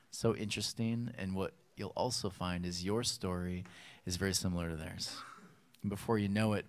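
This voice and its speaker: A man preaching a sermon, telling a story and acting out its voices with lively bursts. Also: low voice. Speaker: pastor.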